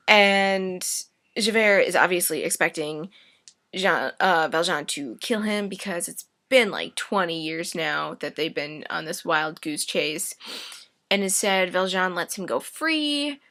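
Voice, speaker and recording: A young woman rambles through a comic story summary with sarcastic asides. Her voice is bright and forward, and she takes her time. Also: on the low side, slow.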